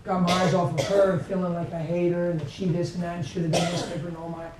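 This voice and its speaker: A man's voice: high voice, little pitch movement, quick pace. A man preaching a conversational sermon, telling stories and acting out what people said. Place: church meeting room. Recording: echoey room from far off, faint background noise.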